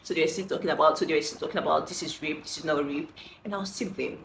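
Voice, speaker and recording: A woman telling a story in casual storytime style, animated and exasperated, laughing now and then. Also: low-pitched, rapid-fire, creaky. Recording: roomy echo with faint noise.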